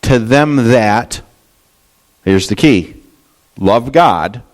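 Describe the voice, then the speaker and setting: A man preaching a Bible study sermon in a candid, conversational way. He talks plainly with his listeners and speaks from his own experience. When he quotes scripture and acts out its voices, he becomes animated. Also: mid-range voice, extremely slow. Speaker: pastor. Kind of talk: expository sermon.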